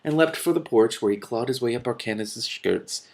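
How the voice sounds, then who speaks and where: Medium-pitched and a little mellow with vocal fry, a man reads a fantasy novel aloud at a moderate pace in a casual way with commentary. He slips up, restarts at times, and bursts out laughing.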